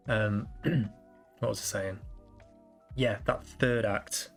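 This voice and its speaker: A man's voice: lowish voice, steady tone, slow, gravelly, pauses often, faint music behind. A man hosting a casual solo podcast, rambling and self-deprecating with lots of restarts. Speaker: podcast host.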